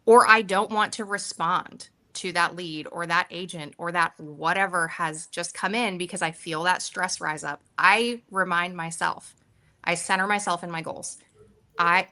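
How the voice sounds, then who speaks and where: A woman real estate agent on a panel, speaking in an earnest, steady, motivational way. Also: fairly low pitch, moderate pace. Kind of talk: reflective panel talk.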